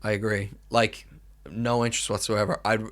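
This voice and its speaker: A man's voice: lowish voice, flat delivery, normal speed, fairly bright tone. A young Irish man co-hosting a podcast in casual chat, blunt and swearing, with many restarts. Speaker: podcast co-host.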